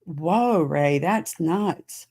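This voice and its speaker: A woman's voice: fairly low pitch, expressive, extremely slow, warm tone, breathy edge. A middle-aged woman hosting a podcast, chatting casually with viewers and answering their comments with plenty of fillers. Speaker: podcast host. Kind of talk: casual live-stream chat with viewers.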